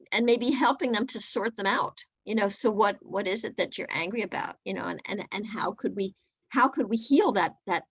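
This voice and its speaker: A woman's voice: medium pitch, husky, no echo. A woman speaking as a guest at a webinar, earnest and repeating words as she restarts her sentences. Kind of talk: webinar talk.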